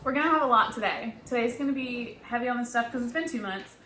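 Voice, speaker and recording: Playful woman co-host joking around, bright sharp voice, echoey room. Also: a little high, fast, a little hiss or hum. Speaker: podcast co-host. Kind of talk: casual chat. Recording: roomy home recording.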